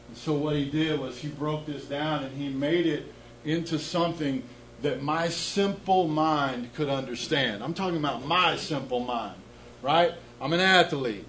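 This is a personal testimony: a middle-aged man shares his recovery story with a crowd, speaking frankly, poking fun at himself, and repeating words whenever he launches into a new thought. His voice is a little high and fairly bright, and he talks a bit slowly. Slight background noise sits under the poor-quality audio.

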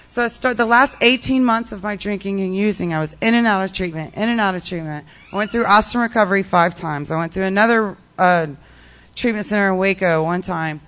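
Woman, mid-pitched voice, giving a rambling personal recovery testimony full of fillers. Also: fairly quick, a bit bright. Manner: rambling, heavy use of "like" and "um". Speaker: person sharing her recovery story.

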